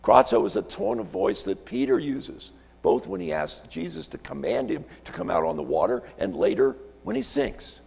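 Gravelly male preacher in a reverberant church. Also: a little high, wildly swooping pitch, moderate pace, hardly any pauses, a little mellow. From Alaska. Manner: storytelling, rhetorical questions, repeats words. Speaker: visiting pastor. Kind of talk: sermon. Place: church sanctuary.

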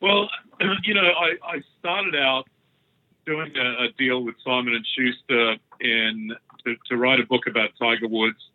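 An Australian man, a guest author, chatting in a friendly, joking way during an interview. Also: medium pitch. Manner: chatty, friendly, quick to joke. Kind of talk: casual interview chat. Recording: tinny phone-line sound.

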